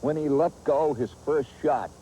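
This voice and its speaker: Spinning a nostalgic, humorous yarn with vivid asides, this animated host and storyteller has a voice on the high side and a moderate pace. Background noise is audible.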